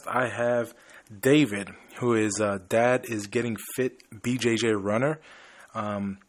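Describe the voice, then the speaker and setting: A man's voice: mid-range voice, steady tone, measured pace, no room sound. A man from Chicago hosting a podcast, talking in an easygoing, rambling way and telling stories casually. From Chicago, USA. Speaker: podcast host.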